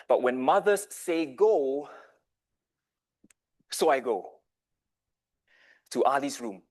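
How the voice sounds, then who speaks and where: A man's voice: mid-range voice, animated, slow, pauses often. A man in his thirties giving a dramatic storytelling speech with big swings in volume. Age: 30s. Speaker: club speaker.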